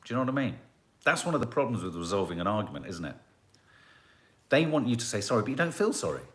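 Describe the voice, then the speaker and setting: A man's voice: on the low side, very animated, quick pace. A middle-aged man, hosting a casual live chat and musing as he reads out viewer comments.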